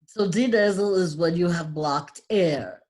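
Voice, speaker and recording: A woman teaching an online lesson on voice qualities, chatty with many fillers, demonstrating each quality with deliberate exaggeration. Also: lowish voice, darkish tone. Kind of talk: online lecture.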